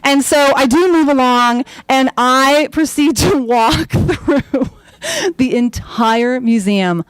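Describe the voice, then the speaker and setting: A young woman telling a personal story on stage in a chatty, animated way, full of fillers and acted-out quotes. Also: sits high, a little slow, clear, resonant tone, dry recording, poor audio. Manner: acts out her own quoted lines.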